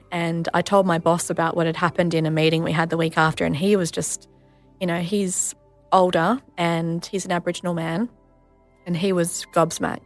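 A woman's voice: lowish voice, level tone, faint music behind. A woman in her thirties, a nurse and mother, telling a story in a casual interview, full of "like" and "you know". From Australia. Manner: chatty, lots of "like" and "you know", quick asides.

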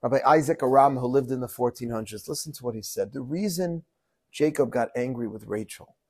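A man in the role of a rabbi delivers a lively Torah lesson at a middle pitch. He chants short Hebrew phrases, glosses them in English, and keeps asking his listeners questions. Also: brisk, slightly rough. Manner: animated, quotes Hebrew verses then translates; asks rhetorical questions to the audience. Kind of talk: Torah teaching talk.

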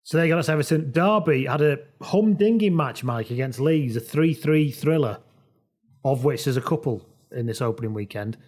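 A man hosting a casual football podcast, telling lively, jokey anecdotes. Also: fairly high pitch, normal speed. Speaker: podcast host.

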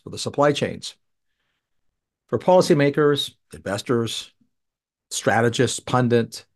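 A man hosting his own podcast, delivering a measured, deliberate policy commentary monologue with occasional restarts. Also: medium pitch. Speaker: podcast host.

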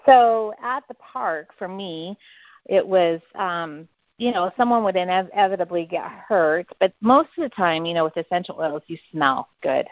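An eager woman talks in a rambling way, often restarting her sentences, her voice sitting a little low. She comes through a dull, dry phone line with no room sound. Her tone is that of a casual interview. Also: normal speed, no room sound. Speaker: network marketing guest.

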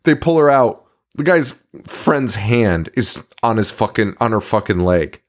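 A man's voice: lowish voice, animated, measured pace. A young man co-hosting a casual horror movie podcast, swearing a lot, laughing often and acting out movie lines. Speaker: podcast co-host.

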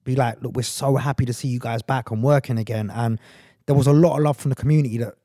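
A man's voice: medium pitch, fairly even intonation, quick pace, mellow, no room sound, studio quality. A man talking as a guest in a casual interview, reflective and earnest, often restarting his sentences. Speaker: guest actor and director.

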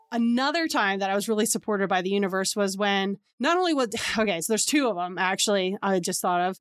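Woman, 30s, podcast host, casual storyteller, animated quotes, dry booth sound. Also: mid-range voice, clean tone, dry recording. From New York area. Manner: chatty, acts out quoted dialogue with lots of "like".

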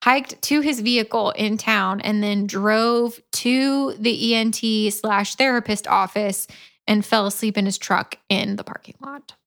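A woman's voice: mid-range voice, steady tone, measured pace, a bit bright. A woman co-hosting a podcast, retelling a story in casual chat with lots of laughter and swearing. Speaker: podcast co-host. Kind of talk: casual book review chat.

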